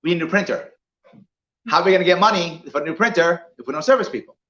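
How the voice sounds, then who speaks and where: A man's voice: sits high, quick pace, bright, forceful tone. A man playing an anxious female government boss who pleads and insists that her team keep its numbers up. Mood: worried. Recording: echoey room, dull lo-fi sound.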